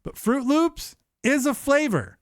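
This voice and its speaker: A man's voice: very high-pitched, slow, no room sound, studio quality. A man hosting a live stream, chatting casually and animatedly, swearing and playing up his feelings. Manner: animated, profane, mock-emotional. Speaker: show host. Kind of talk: casual livestream chat. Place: streaming setup.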